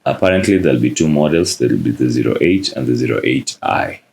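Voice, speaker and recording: A man with a very deep, gravelly voice talks through an unboxing in a relaxed, casual way. He pauses often on "uh" as he goes. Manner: relaxed, many "uh" fillers. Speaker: tech reviewer.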